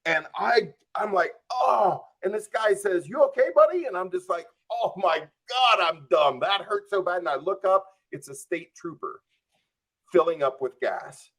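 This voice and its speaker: A man's voice: sits high, measured pace. A man guest on a podcast telling a long anecdote, acting out his own thoughts and peppering it with "like.". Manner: animated, acts out his own quoted thoughts; frequent "like" and "I'm just like" fillers.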